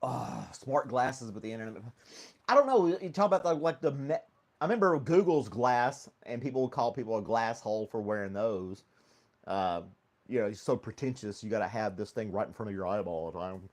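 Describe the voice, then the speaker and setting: A man's voice: on the low side, brisk. A man hosting a casual live stream from home, rambling easily, laughing often and greeting viewers by name. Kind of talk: casual chat with live chat readers.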